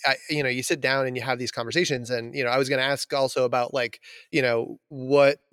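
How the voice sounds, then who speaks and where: A man's voice: medium pitch, level tone, fast talker, a bit bright, clean tone, dry recording, studio quality. A man hosting a podcast and chatting casually with a fellow teacher, enthusiastic and rambling, with lots of "like". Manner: enthusiastic, uses "like" a lot, rambling. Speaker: podcast host, biology teacher. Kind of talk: casual interview chat.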